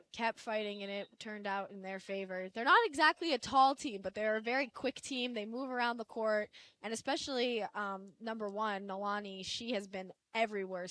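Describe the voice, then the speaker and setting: Casting: young woman, sports color commentator, mid pitch, relaxed wry analysis.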